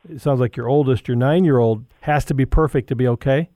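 A man's voice: mid-range voice, brisk, dark tone, dry recording, studio quality. Chatty man hosting a call-in show. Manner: conversational, rambling with restarts. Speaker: radio call-in advice host. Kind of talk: call-in parenting advice.

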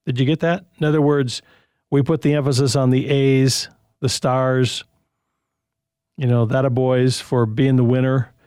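A man's voice: mid-range voice, a little mellow, no room sound, clean studio sound. A man hosting a radio call-in show and giving parenting advice in a conversational, rambling way with restarts.

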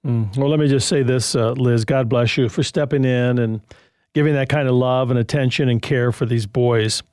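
A man's voice: mid-range voice, steady tone, moderate pace, a little mellow, clean tone, no echo, clean studio sound. Chatty man hosting a call-in show. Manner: conversational, rambling with restarts. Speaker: radio call-in advice host. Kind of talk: call-in parenting advice.

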